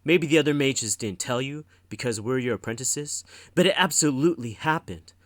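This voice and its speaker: A man's voice: mid-range voice, animated, normal speed, no room sound, voice pushed up, natural voice. A man voicing a clever, determined teenage girl who speaks urgently and earnestly.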